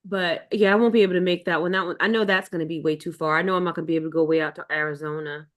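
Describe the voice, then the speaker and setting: A woman's voice: on the low side, steady tone, rapid-fire. A woman hosting a live sewing chat, talking casually and rambling with fillers and restarts. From United States East Coast. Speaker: livestream host.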